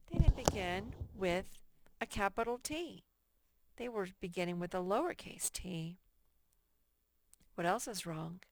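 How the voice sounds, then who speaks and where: A woman teaching a first grade worksheet lesson to young children, patient and slow, reading example sentences aloud with emphasis. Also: medium pitch, noisy background.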